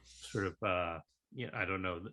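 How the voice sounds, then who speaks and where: Male interviewer with a bright tone who gropes for words and fills gaps with fillers. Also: deep voice. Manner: halting, filler-heavy phrasing. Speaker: podcast host. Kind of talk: casual interview chat.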